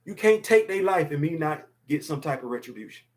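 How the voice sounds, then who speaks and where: A man's voice: on the high side, expressive, fairly quick. A man in his fifties hosting a casual opinion show, talking emphatically and repeating words to drive his points home. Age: 50s. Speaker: podcast host.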